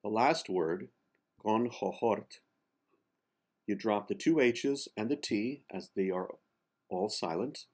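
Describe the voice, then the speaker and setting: A man with a fairly low voice gives a pronunciation lesson for singers. He talks slowly and deliberately. He breaks words into single syllables and repeats them with care. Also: animated. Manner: slow, careful, spells out sounds and repeats words syllable by syllable. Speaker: diction coach.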